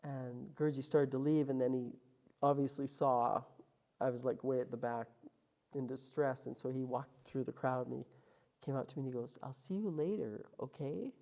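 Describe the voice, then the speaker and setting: A woman's voice: a bass voice, moderate pace. A woman from Calgary, a guest in an interview, telling her story casually and acting out the lines of the people in it. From Calgary, Canada. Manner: animated, acts out quoted lines.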